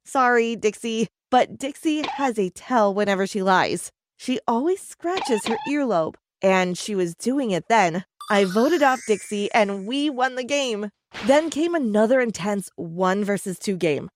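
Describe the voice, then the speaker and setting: A woman narrating an animated story in a chatty manner, speaking to the viewer. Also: mid-range voice, a little slow, a little hiss or hum.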